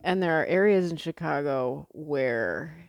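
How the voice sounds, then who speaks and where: A woman's voice: deep voice, animated, unhurried, no room sound. A young woman from the Midwest chatting casually to camera as a vlogger, rambling with lots of fillers and the odd swear word.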